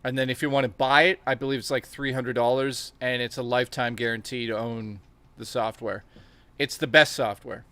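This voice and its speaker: A man's voice: mid-range voice, flat delivery, fairly quick, a bit bright, clean tone, dry recording. A man from Canada in a casual, profane late-night chat stream, joking around. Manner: profane, joking, breaks into laughter. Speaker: co-host.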